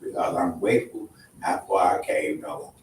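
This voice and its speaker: A man's voice: sits low, normal speed, far from the mic. A man in his seventies sharing in a group, speaking in a plain, informal and grateful way. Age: 70s. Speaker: group participant. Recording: echoey room, off-mic, faint noise.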